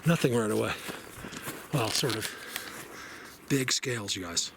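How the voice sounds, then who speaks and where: A man vlogging outdoors in a forest, talking casually to camera in an excitable, rambling way and laughing often. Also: lowish voice, unhurried, vocal fry, noisy background.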